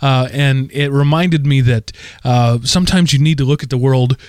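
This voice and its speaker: A man in his forties, co-hosting a podcast, telling a rambling, animated story full of fillers. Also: mid-range voice, normal speed, smooth, no echo, studio quality. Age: 40s. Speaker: podcast co-host. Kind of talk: casual chat.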